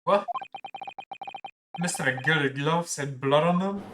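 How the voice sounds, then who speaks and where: A man's voice: fairly high pitch, slow pace, heavy background noise, pitched above the performer's own voice. A man voicing a stern older male judge in a video game, formal and given to exclamations. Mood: startled.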